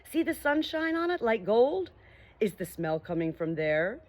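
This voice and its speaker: A woman voicing an excited male owl calling out from a ship's mast. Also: normal speed, lightly acted. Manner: shrill, calling out loudly.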